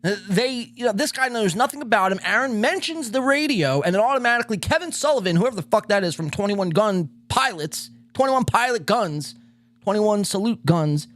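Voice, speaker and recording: A man hosting a podcast, pausing a clip to give sarcastic casual commentary. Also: high-pitched, expressive, fairly bright tone. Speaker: podcast host.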